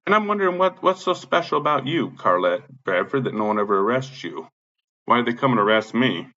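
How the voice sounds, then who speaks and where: A man from Illinois rants with agitated energy, cursing at nearly every turn. His voice has a bright, forceful edge, and the recording sounds slightly dull and lo-fi. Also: very animated, brisk. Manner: agitated, swearing constantly, says he is high. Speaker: tenant complaining about his apartment complex. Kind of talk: angry profane rant.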